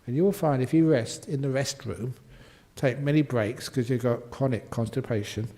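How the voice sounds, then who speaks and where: A man's voice: medium pitch, moderate pace, mellow. An older man, a Buddhist monk answering questions in a humorous dharma talk, playfully acting out quotes and sound effects.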